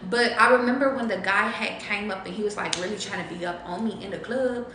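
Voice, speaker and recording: A woman's voice: mid-range voice, a little fast, bright, forceful tone, echoey room, a little hiss or hum. A young woman doing a casual live tarot reading, rambling and profane, thinking aloud with lots of ums. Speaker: tarot reader.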